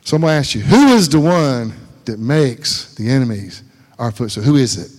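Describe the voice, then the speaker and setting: A man's voice: medium pitch, very animated, moderate pace, a little mellow. A man preaching an informal sermon in a folksy, conversational way, repeating phrases for emphasis. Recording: long hall reverb.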